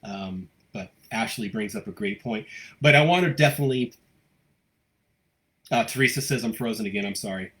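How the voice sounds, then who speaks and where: A man with a fairly low voice hosts a live local news stream from home. He chats casually, reads out viewer comments, and stammers through his thoughts with plenty of ums and restarts. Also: fairly bright tone. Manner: halting, many fillers and restarts. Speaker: host of a local news livestream.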